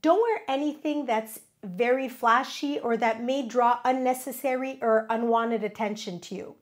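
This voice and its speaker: Woman, nasal from a cold, high voice, upbeat instructive host, scripted tips. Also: moderate pace. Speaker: travel vlog host.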